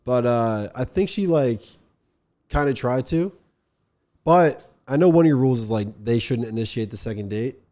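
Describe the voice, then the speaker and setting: A young man from northern New Jersey hosting a loose, casual conversation. He rambles, leaning on fillers as he talks, and his voice is dark and mellow. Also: mid-range voice, lively intonation, moderate pace. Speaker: podcast host. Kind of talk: casual chat.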